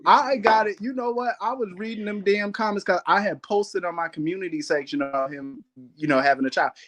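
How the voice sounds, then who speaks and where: Guy going off in casual chat, cussing a lot, kinda high voice. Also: fairly quick, fairly bright tone. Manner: blunt, profane, slangy ranting.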